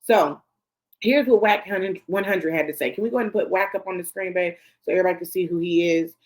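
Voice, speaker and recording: A woman's voice: lowish voice, fast, a little mellow. Blunt, profane woman ranting about gossip. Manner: talks straight to the people she discusses. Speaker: host. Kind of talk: celebrity gossip commentary.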